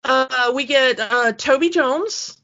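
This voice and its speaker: A woman co-hosting a podcast in casual chat, rambling with many fillers and quick laughs. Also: high voice, fairly bright tone, dull audio. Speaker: podcast co-host.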